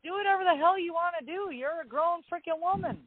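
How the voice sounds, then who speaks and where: A woman's voice: very high voice, fast talker, over a noisy crowd. A woman calling in to a live talk show, talking bluntly and with emphasis. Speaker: caller. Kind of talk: casual call-in talk. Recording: dry tinny phone line.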